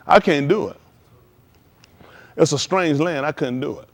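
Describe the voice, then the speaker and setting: A man preaching a live-streamed sermon in loose, slangy street talk, animated and emphatic. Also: fairly high pitch, a little slow.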